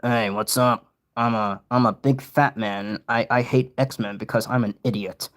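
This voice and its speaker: A man's voice: mid-range voice, fairly even intonation, measured pace, natural voice. A young man voicing a dim-witted, blustering grown man in a goofy way.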